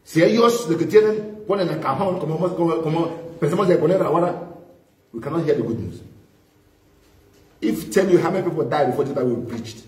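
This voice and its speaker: A man preaches a fervent sermon, mixing English and Spanish and repeating phrases for emphasis. His voice sits fairly high for a man. It carries through an echoey church hall, picked up from some distance away from the microphone. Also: quick pace, darkish tone. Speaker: pastor. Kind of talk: bilingual sermon, preaching with interpretation.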